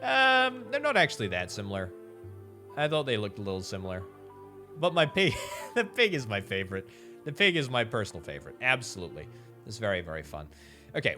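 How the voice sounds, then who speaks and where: Lively, bright-voiced man playing a game. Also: on the low side. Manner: chatty, musing aloud, repeats words for emphasis. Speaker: game streamer. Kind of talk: gameplay commentary.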